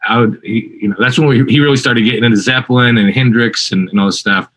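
A man with a bright, forceful tone tells a road story as a guest on a casual interview. He talks with plenty of fillers and quick restarts. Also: mid-range voice, poor audio. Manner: animated anecdote-telling, lots of fillers and restarts. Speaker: guest musician.

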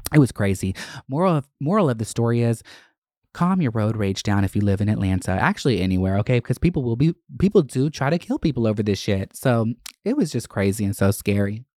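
A man hosting his own podcast, telling a story in a loud, dramatic, profane way that jumps up in pitch for emphasis. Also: very animated, brisk, no echo, clean studio sound. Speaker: podcast host. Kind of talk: casual solo monologue.

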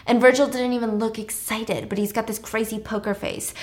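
A woman with a somewhat high voice retells a film plot in a loose, chatty way. She drops slangy asides and laughs along as she goes. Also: fairly even intonation, fairly quick. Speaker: storyteller host.

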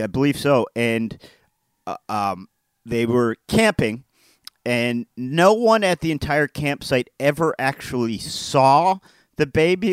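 Deadpan man telling a story, dry sound. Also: medium pitch, smooth, no echo. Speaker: podcast co-host. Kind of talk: casual chat.

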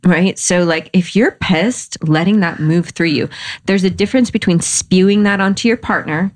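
A woman chatting casually as a podcast guest, animated, acting out sounds and voices and laughing often. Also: lowish voice, moderate pace.

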